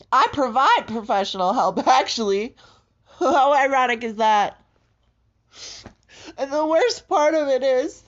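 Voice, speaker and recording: A woman in a raw confessional monologue, distraught and halting, swearing heavily and breaking into shaky laughter. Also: sits high. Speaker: vlogger. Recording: dull lo-fi audio.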